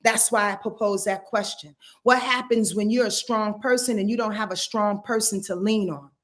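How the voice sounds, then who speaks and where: A woman's voice: mid-range voice, steady tone, normal speed. A woman giving a casual astrology forecast, talking in an earthy, emphatic way and swearing freely.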